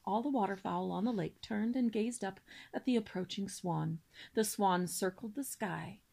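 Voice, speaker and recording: A woman reading a children's novel aloud in a steady storybook manner, with small slips now and then. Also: mid-range voice, moderate pace, vocal fry. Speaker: reader.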